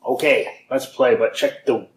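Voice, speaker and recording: A man hosting his own game series, chatting casually as he plays and reads through code, rambling and often laughing softly. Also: mid-range voice, a little slow. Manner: rambling, chatty, with frequent fillers and small laughs. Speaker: host of a game and source-code video series. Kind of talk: casual commentary while playing and reading code.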